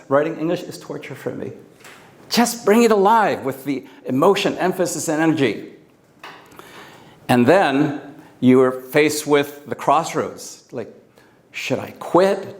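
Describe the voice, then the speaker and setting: A man with a slightly higher than average voice gives spoken feedback at a speaking club meeting. He coaches in an encouraging way, mixing praise with advice, and his pitch and pace shift expressively as he talks. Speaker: speech evaluator. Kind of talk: speech evaluation at a club meeting.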